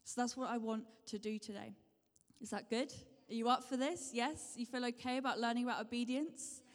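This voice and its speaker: A woman's voice: fairly high pitch, steady tone, a little fast. Woman preaching in a reverberant hall. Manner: repetitive, encouraging, asks the congregation questions. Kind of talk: sermon.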